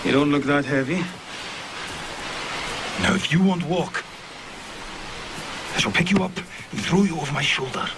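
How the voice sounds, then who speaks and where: An actor with a Scottish accent playing a brave young Highland soldier who speaks low, calm and firm. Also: male voice, moderate pace, long pauses, lightly acted. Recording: TV clip with noise behind.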